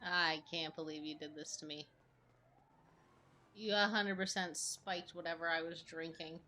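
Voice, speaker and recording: A woman's voice: deep voice, steady tone, measured pace, sharp tone, slight background noise. A woman streaming a role-play game as a judge, talking frantically, swearing constantly and laughing a lot.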